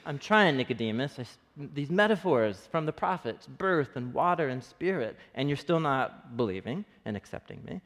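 A pastor with a Texan accent preaching a sermon in a conversational, earnest way that is often broken up by laughs. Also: male voice, a little high. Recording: long hall reverb.

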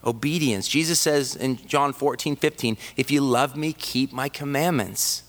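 A man's voice: mid-range voice, normal speed, fairly bright tone. A man, preaching a sermon earnestly, repeating key phrases for emphasis and turning playful in personal stories. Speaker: pastor.

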